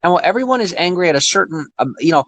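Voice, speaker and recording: A young man ranting to viewers, angry and profane, swinging from low muttering to loud, high outbursts, rambling with restarts. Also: very animated, very fast, no room sound. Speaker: vlogger. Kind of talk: emotional unscripted rant to viewers.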